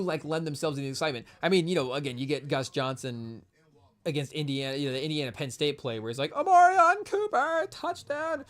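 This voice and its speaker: Rambling young man hosting sports chat. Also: mid-range voice. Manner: rambling, self-interrupting, jokey. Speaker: podcast host. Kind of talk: live casual sports chat.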